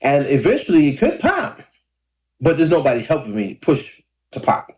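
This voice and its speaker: Man, 30s, casual vlog, laid-back rambling, slightly hoarse, mellow low-key voice. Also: wildly swooping pitch, normal speed. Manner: laid-back, rambling, clears his throat often. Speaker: independent rapper and vlogger. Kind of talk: casual talking-to-camera vlog. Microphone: camera or phone mic.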